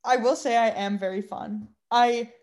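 Ranting young woman, fairly high voice. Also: measured pace. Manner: ranting, animated storytelling about customers. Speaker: podcast co-host. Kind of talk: casual chat.

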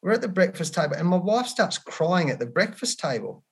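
Earnest Australian man, fairly high voice. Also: big pitch swings, a little fast, vocal fry, husky. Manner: earnest, frank, calls the host mate. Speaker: cricket coach, guest. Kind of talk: candid interview storytelling.

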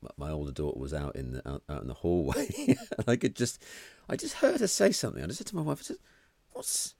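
A man's voice: rumbling low, wildly swooping pitch, fast, vocal fry, a little mellow, dry recording. A middle-aged man co-hosting a podcast, telling family stories in a casual, laughing way that often trails off. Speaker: podcast co-host. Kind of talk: casual chat.

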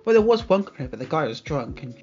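A young man with a slightly high voice talks casually on a chat podcast. He pauses and fills gaps with ums as he goes. The sound is muffled and lo-fi, with faint music behind him. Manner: relaxed, hesitant, many ums. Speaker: podcast co-host.

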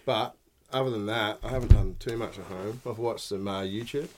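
With noise in the background, an Australian man co-hosting a podcast talks at a normal speed in a lowish voice. It's casual chat, full of easygoing stories, regular swearing, and plenty of laughter.

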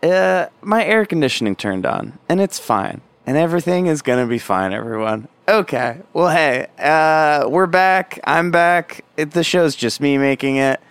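A man's voice: on the high side, lively intonation, unhurried, few pauses, a bit bright, smooth, dry recording. A man hosting a casual podcast, rambling and self-deprecating, swearing offhandedly. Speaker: podcast host.

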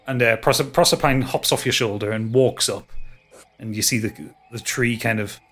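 Husky, rambling male game master. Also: mid-range voice, normal speed, fairly bright tone, faint music behind. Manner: rambling, hedging descriptions. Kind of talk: narrating a tabletop game.

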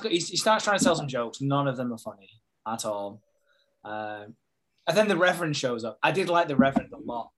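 A man in casual conversation, retelling a TV episode scene by scene. He swears freely and slips into quick impressions of the characters as he goes. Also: mid-range voice, a bit bright. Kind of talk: casual chat recapping a TV episode.

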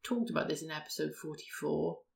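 A woman's voice: low voice, fairly quick, gravelly. A woman, co-hosting a casual podcast chat and explaining a routine step by step. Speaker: podcast co-host.

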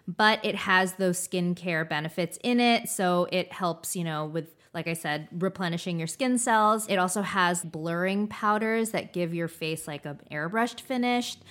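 A woman's voice: on the low side, fairly bright tone. A young woman co-hosting a casual beauty chat, talking in a chatty way with lots of fillers. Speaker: podcast co-host.

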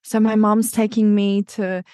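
A woman's voice: mid-range voice, level tone, measured pace, mellow, no echo, clean studio sound. A woman, a podcast guest, telling her personal story candidly and intensely, swearing freely. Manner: intense, swears freely, acts out quoted people.

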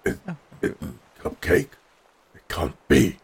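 A man playing a tabletop game, delivering drawn-out in-character lines to his companions. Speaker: player.

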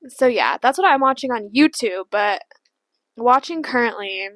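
A woman's voice: fairly high pitch, animated, moderate pace, fairly bright tone, no echo. A young woman co-hosting a podcast from her bedroom, rambling casually and saying "like" constantly. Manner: rambling, heavy use of "like". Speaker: podcast co-host. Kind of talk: casual chat.

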